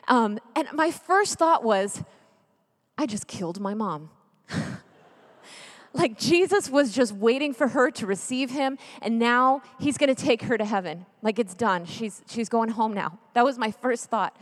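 A woman's voice: a little high, measured pace, long reverb tail. A woman in her thirties giving an earnest, emotional testimony talk as a Catholic speaker, at times dropping almost to a whisper. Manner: earnest, emotional storytelling, drops to near whisper.

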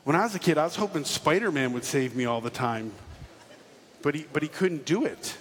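A man with a fairly high voice, talking a little fast, shares a jokey, animated testimony before a live audience in a large hall, acting out quotes from the people he describes. The hall reverberates with faint ambience, plus slight background noise.

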